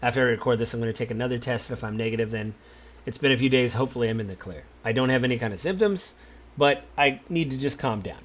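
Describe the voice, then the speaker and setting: A married man hosting a podcast, talking in a relaxed, musing way, with many fillers and restarts. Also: mid-range voice, fast. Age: adult, married. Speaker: podcast host. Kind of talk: casual solo podcast talk.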